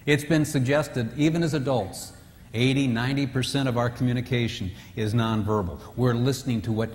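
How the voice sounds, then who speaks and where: A man's voice: medium pitch, fairly even intonation, fairly quick, darkish tone, slight background noise. A man giving a humorous talk on marriage at a retreat, acting out husbands and wives in raised voices. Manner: joking, acts out quoted spouses in raised voices. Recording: distant reverberant hall with faint ambience.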